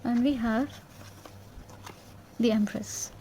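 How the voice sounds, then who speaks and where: Woman, tarot reader, gravelly voice, mellow tone, reassuring, repetitive, faint background hum. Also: a little high, slow pace. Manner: gentle, repetitive, reassuring with frequent "yeah?". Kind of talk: casual intuitive tarot reading.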